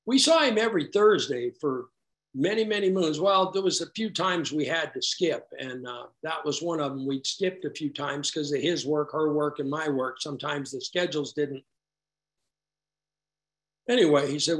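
A middle-aged man with a fairly high voice tells his recovery story to a group. He rambles in a loose, conversational way and keeps slipping in dry, self-mocking asides. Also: normal speed, a bit bright. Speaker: recovery meeting speaker.

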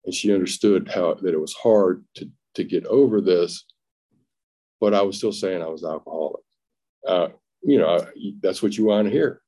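A middle-aged man tells his own story at a recovery meeting in a plainspoken, halting way, often restarting and acting out what was said. His voice sits very low and sounds dark and mellow. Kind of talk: personal testimony at a recovery meeting.

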